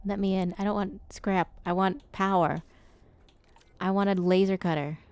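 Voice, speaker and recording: A woman's voice: medium pitch, fairly even intonation, a little slow, smooth, dry recording. Woman streamer chatting away to her viewers while she plays, goofy and playful. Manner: chatty, playful, talks to chat and the game. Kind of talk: casual gameplay streaming.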